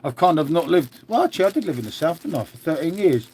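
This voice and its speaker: A man's voice: a little high, lively intonation, quick pace, a little mellow, a little hiss or hum. Chatty English man calling everyone mate. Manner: chatty, laid-back, calls everyone mate. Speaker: live streamer. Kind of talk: casual live-stream chat answering viewer comments.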